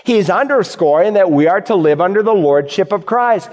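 A man's voice: high voice, expressive, normal speed, a little mellow. A man preaching a sermon, reading scripture and pressing earnest rhetorical questions on his listeners. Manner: earnest, emphatic Bible exposition with rhetorical questions. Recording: hall reverb.

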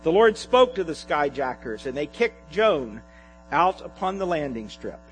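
A male pastor reads a humorous sketch to his congregation, his voice high and sweeping through wide swings of pitch. Soft music sits faintly behind him. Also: measured pace, low-quality recording. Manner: animated storytelling. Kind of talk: sermon with a read-aloud humorous sketch.

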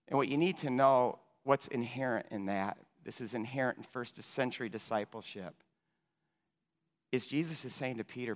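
A man's voice: mid-range voice, unhurried. Preacher man in a reverberant hall. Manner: impassioned, repeats words when starting phrases, swings from loud to hushed. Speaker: pastor. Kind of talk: sermon.

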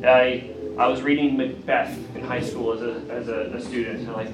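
A man's voice: mid-range voice, a little fast, noisy background. Southern man lecturing in an echoey room. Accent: Southern US, Appalachian Virginia. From Grayson County, Virginia, USA. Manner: energetic, asks the audience questions often. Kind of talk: classroom lecture with audience questions. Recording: echoey room, mic from a distance.

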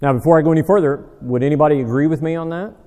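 Racing along in a mellow, somewhat high voice, a preacher delivers a conversational Bible-study sermon in a large hall with long reverb. He's chatty, fires questions at the audience, and teases himself with dry humor.

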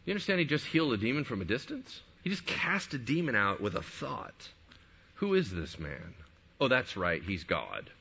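A man preaching a sermon as pastor, acting out Bible scenes with shouted exclamations. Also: medium pitch, sing-song, moderate pace, vocal fry, slightly rough, highs cut off.

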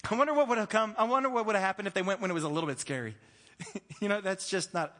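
Man, preacher, high voice, animated, playful, acts out voices, sermon in a church hall. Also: fast. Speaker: pastor. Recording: long hall reverb.

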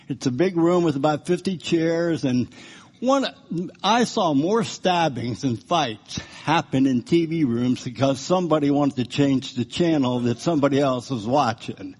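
A man preaching, sharing his own life story as a testimony, by turns animated and quietly subdued. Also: a little high, moderate pace. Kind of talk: personal testimony sermon.

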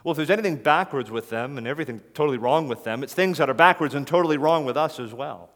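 A man's voice: fairly high pitch, lively intonation, quick pace, fairly bright tone. A man preaching a sermon in an earnest, emphatic way, repeating his key phrases. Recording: long hall reverb.

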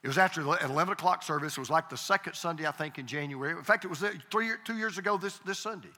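A male pastor tells a story from the pulpit, stumbling over repeated starts and leaning on emphatic pauses. His voice sits a little high and rings bright. It carries a long reverb from the church hall around him. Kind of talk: sermon storytelling.

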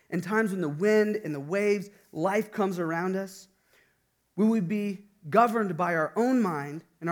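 Man, high voice, informal sermon, conversational, filler words. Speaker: preacher.

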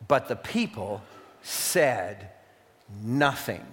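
A man preaching a sermon, reading scripture aloud with sudden loud emphatic peaks and quieter asides. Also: a little high, expressive, measured pace. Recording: long reverb of a hall.

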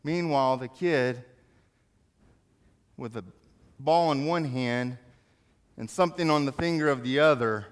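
Smooth-voiced man telling a sermon story. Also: mid-range voice, a little slow, pauses often. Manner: animated storyteller, acting out yelling crowds. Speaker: speaker in a church service.

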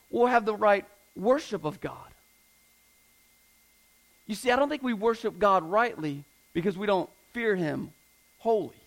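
A man's voice: very high voice, a bit bright, low-quality recording. A man in his thirties preaching a sermon, earnest and fond of repeating phrases for emphasis. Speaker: pastor.

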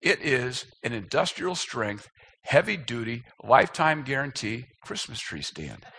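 Man in his fifties with a husky voice, self-mocking storyteller for a sermon. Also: mid-range voice, very animated, a little slow, bright, forceful tone. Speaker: speaker. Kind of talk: humorous personal story in a sermon.

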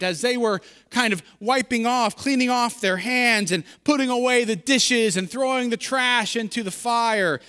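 Male pastor, high and bright, sermon in an echoing sanctuary, casual storytelling delivery. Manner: conversational retelling with fillers and repeats. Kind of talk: sermon with scripture reading and prayer. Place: church sanctuary. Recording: long church reverb.

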